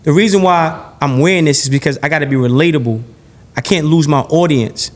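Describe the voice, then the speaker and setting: In a heated podcast interview, a man whose voice is notably high talks a little fast in an animated rush, doubling up phrases, restarting sentences, and swearing bluntly. He is blunt and profane.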